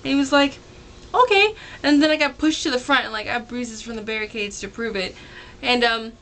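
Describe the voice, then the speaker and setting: A woman's voice: a little high, fairly even intonation, quick pace, a bit bright, slight background noise. A teenage girl telling a concert story to the camera in a chatty way, full of "like" and quoted voices. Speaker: vlogger. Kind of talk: casual storytelling.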